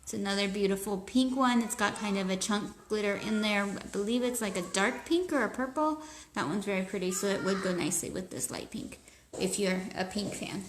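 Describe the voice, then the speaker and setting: A woman's voice: medium pitch, a little fast, noisy background. A woman hosting a casual live nail tutorial from home, chatty and easily sidetracked. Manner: chatty, easily distracted, talks to kids and pets. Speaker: nail polish seller hosting a live stream. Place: home room, indoors. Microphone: phone camera.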